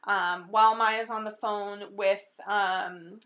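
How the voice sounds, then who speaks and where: A woman's voice: mid-range voice, fairly even intonation, slow pace, a bit bright. A woman in casual conversation, chatting and laughing as she recaps a horror film scene by scene. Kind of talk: casual movie recap chat.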